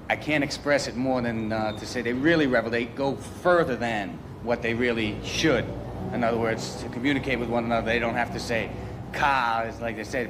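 A man explaining in an interview, searching for his words. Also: mid-range voice. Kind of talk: casual explaining. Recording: hissy archive recording.

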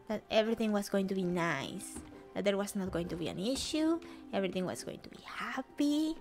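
A woman's voice: medium pitch, very animated, normal speed, darkish tone, faint music behind. A woman streaming a video game, emotional, with whispered gasps and exclamations. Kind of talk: game commentary.

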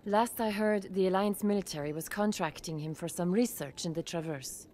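An actress voicing a polite female clinic doctor in a video game, speaking in a measured, helpful way. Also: fairly low pitch, warm tone, close to an everyday voice.

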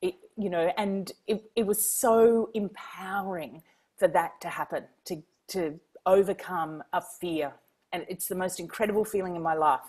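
Lively Australian woman telling stories. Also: fairly low pitch, normal speed, breathy edge. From Queensland, Australia. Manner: animated, laughs often, acts out quoted dialogue. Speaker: guest, author. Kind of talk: casual storytelling.

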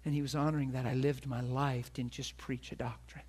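A man's voice: medium pitch, level tone, brisk, a little mellow, breathy edge. A middle-aged man preaching a sermon as a pastor, telling a personal story earnestly and acting out the voices of the people in it.

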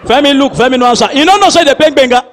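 A man's voice: extremely high pitch, racing, in a large hall, a little hiss or hum. A young Nigerian man with a Nigerian accent, telling a comic story in pidgin and doing the characters' voices. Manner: animated, switching into character voices and laughing. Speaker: comedian narrator.

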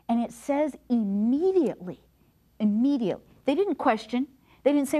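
Expressive woman telling Bible stories. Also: high voice, moderate pace. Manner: expressive storyteller, drops to a soft hush for emphasis. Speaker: devotional and health segment host. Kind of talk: devotional Bible talk.

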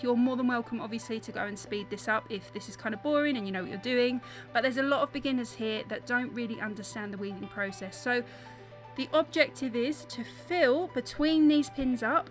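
A young woman with a South East London accent narrates an embroidery tutorial as a voice-over, walking through it step by step. Her voice is fairly high and fairly bright, and her manner is chatty and apologetic.

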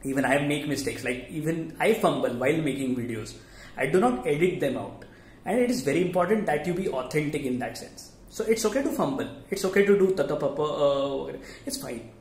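A man explains presentation skills in a casual, earnest lesson. His voice sits a little high, and he often restarts a sentence or says a phrase twice. The room around him is noticeably echoey. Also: lively intonation, fairly quick, darkish tone. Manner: earnest, repeats himself, many restarts. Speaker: teacher giving presentation tips. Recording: roomy echo.

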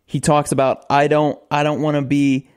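A man's voice: a little high, little pitch movement, moderate pace, darkish tone, clean tone. A man co-hosting a casual podcast, talking animatedly, repeating words and talking over his partner, also reading the ad. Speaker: podcast co-host. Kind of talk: casual podcast chat and host-read ad.

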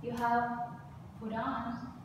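Woman teacher, slightly high, very slow drill prompts; distant camera in a loud, echoey classroom. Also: completely flat delivery. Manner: slow, clear repeat-after-me prompts. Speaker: English teacher. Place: school classroom. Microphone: far camera. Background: students and classroom noise.

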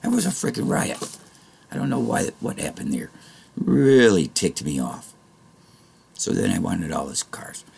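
A man with a very deep, gravelly voice speaks straight to his viewers in a rambling monologue. His tone is husky and rough at the edges. He drifts between quiet muttering and angry, cursing outbursts. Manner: rambling, swings from muttering to shouting angrily, swears often. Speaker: vlogger.

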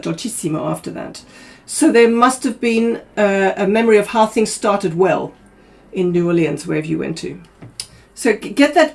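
A woman's voice: mid-range voice, expressive, gravelly, darkish tone. Woman coaching opera singers. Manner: probing, talks in quick bursts, hums and sings snippets. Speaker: vocal coach.

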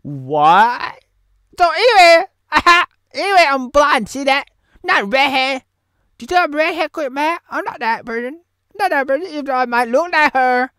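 A woman's voice: high-pitched, animated, measured pace, a bit bright, dry recording, studio quality. A woman rambling through a comedic film review vlog, giggling often and jumping between silly voices and asides.

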